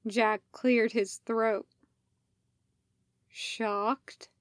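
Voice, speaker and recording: Slow, deliberate woman narrator. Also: a little high, fairly even intonation, no echo, studio quality. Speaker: podfic reader. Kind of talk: fan fiction audiobook narration.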